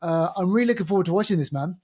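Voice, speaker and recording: A man's voice: high-pitched, animated, racing, a little mellow. A man with a London accent co-hosting a film podcast, chatting casually and rambling with lots of fillers and restarts. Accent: London English. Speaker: podcast co-host.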